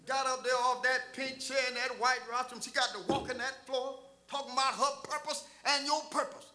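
An older man preaching a sermon as pastor, shouting and half-singing his phrases. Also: very high-pitched, level tone, normal speed. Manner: chanting, shouting preacher cadence with sung phrases.

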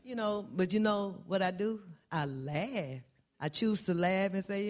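A woman's voice: mid-range voice, a little slow, darkish tone. A woman delivering a sermon in church, impassioned and repeating refrains, her voice climbing on key phrases. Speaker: church speaker.

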